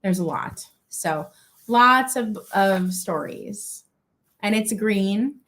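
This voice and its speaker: A woman's voice: mid-range voice, animated, slow, fairly bright tone. A young woman from Minnesota hosting a live-stream vintage auction, chatty and gushing, with lots of fillers and asides.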